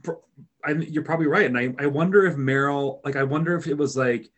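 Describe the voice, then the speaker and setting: A man's voice: fairly high pitch, a little fast, a bit bright. A man from rural Minnesota with a Minnesotan accent, talking through a film in a casual podcast chat, rambling with many fillers and restarts. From Minnesota, rural area.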